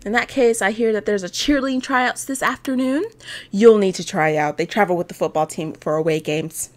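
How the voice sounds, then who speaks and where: A woman's voice: medium pitch, brisk, lightly acted. A woman reading as a proud, chatty middle-aged dad. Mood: fatherly. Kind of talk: reading game dialogue aloud.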